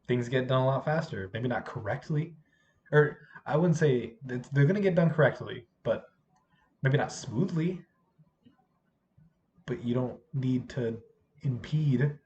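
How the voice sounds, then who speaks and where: Hoarse, lively-voiced substitute teacher vlogging. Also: medium pitch, unhurried, long pauses, muffled recording, slight background noise. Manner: animated, acts out what others said. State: hoarse from yelling. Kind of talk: casual storytelling vlog.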